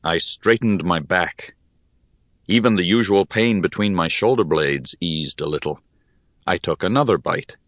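A man with a very deep voice narrates a first-person fantasy audiobook. His storytelling is calm, measured and slow, and the close recording is dry with no room sound. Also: no echo.

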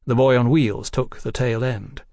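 A man narrating an audiobook in a steady, even storytelling manner. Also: medium pitch, measured pace, vocal fry, dry recording, clean studio sound.

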